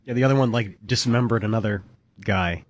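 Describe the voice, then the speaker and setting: Quick low-voiced male co-host. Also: dry recording. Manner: prompting, casual questions. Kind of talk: casual talk-show chat.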